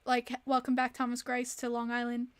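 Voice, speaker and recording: A woman's voice: on the high side, monotone, brisk, no echo, clean studio sound. A young woman casually telling rambling stories on a livestream, giggling often between her words. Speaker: streamer.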